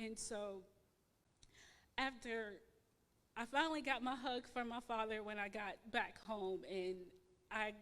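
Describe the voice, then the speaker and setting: A woman with a somewhat high voice tells her personal testimony in church. She speaks in an emotional, halting way, restarting and repeating words with plenty of fillers. Her voice carries a long reverb from the sanctuary. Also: fairly even intonation, a bit bright. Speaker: church member giving testimony.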